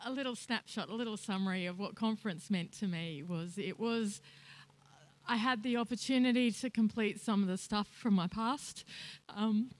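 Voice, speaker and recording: A middle-aged woman sharing a personal church testimony, emotional and soft-spoken, with frequent pauses. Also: medium pitch. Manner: emotional, soft-spoken with many fillers and laughs. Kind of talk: testimony talk.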